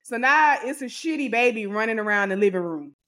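A woman co-hosting a podcast, telling an animated, exasperated story and acting out what others said. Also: on the high side, fairly quick. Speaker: podcast co-host. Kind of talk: casual storytelling to a co-host.

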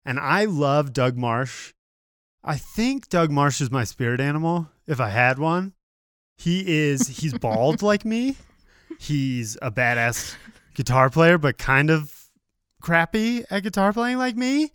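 A man from Colorado co-hosting a podcast about music, talking with eager enthusiasm and self-deprecating jokes. His voice sits a little high and comes across smooth and clear. The recording is dry and close, with no room sound. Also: sing-song, unhurried, fairly bright tone, no echo. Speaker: podcast co-host. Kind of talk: casual chat about music.

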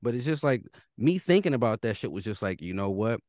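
Young podcast guy, voice jumps all over the place, close and dry mic, goes loud then low and thoughtful. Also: sing-song, fairly quick, no echo. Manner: swings between loud outbursts and low reflective talk. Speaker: podcast co-host. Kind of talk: casual podcast chat.

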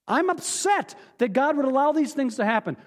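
A male pastor preaching a candid, emphatic sermon, dropping suddenly quiet for personal admissions, in a church. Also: very high voice, animated, normal speed, in a large hall. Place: church sanctuary.

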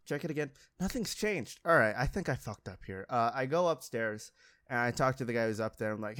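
A man's voice: medium pitch, animated, moderate pace, a bit bright. A young man casually telling a long story about a mishap at his auto shop job, rambling, laughing and mocking himself.

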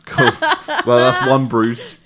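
A man's voice: mid-range voice, little pitch movement, slow pace, background noise. A man playing a character in a tabletop game, chatting casually and often trailing off tentatively. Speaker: player.

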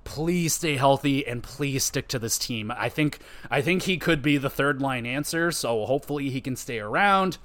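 A man's voice: medium pitch, moderate pace, few pauses, a bit bright. A man hosting a hockey podcast, ranting casually with frequent swearing, fillers and restarts. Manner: frustrated, profane, rambling with fillers. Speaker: podcast host.

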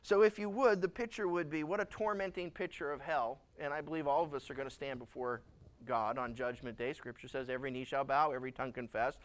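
A male pastor preaching a sermon, acting out scenes in lively, dramatic voices. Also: mid-range voice, fast talker. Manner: animated, acts out dialogue.

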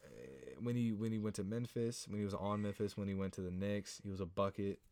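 A teenage boy co-hosting a casual sports podcast, animated and prone to stumbling over player names. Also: lowish voice, fast talker, no echo. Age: teens. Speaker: podcast co-host.

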